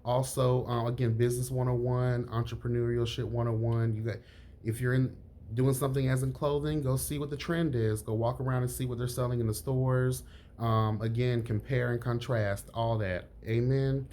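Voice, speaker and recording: A man reviewing a reality show in casual chat, sassy and frank, calling everyone honey and girl, his pitch jumping up on emphasis. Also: moderate pace, a little hiss or hum. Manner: lively pitch jumps on emphasis.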